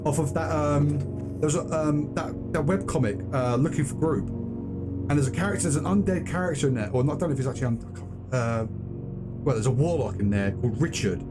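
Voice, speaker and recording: A man's voice: fairly high pitch, fairly quick. Chatty male streamer over game music. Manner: chatty, reads quest text aloud. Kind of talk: live gameplay commentary.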